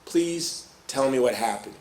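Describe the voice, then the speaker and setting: A man playing a kindly, puzzled army captain who speaks quietly and gently. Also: medium pitch, lively intonation, measured pace, echoey room, lightly acted. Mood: gentle.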